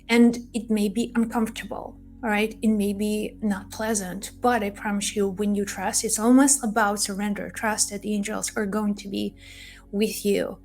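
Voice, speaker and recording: A woman's voice: mid-range voice, flat delivery, moderate pace, a little mellow, faint music behind. A woman giving a spiritual card reading, who tells a personal story in an earnest, reassuring way and repeats phrases often. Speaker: tarot card reader.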